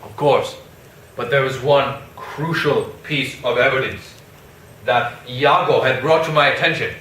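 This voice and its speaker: A bright, casual Othello, played by a man who brags and rambles like a modern guy at a party. He tells his tale in slang, with faint room noise. The voice sounds roomy and set back from the mic. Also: mid-range voice, a little slow, lightly acted. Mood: troubled. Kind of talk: parody skit. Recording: echoey room, mic at a distance.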